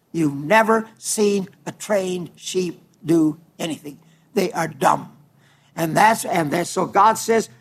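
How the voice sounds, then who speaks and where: An older man preaching a folksy sermon, stumbling and repeating words as he tells homespun stories. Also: high-pitched.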